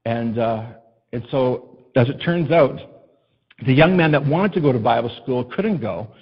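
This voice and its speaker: A male pastor preaching a sermon in an impassioned way that builds to loud, emphatic peaks. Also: medium pitch, expressive, unhurried, slightly rough, lo-fi sound.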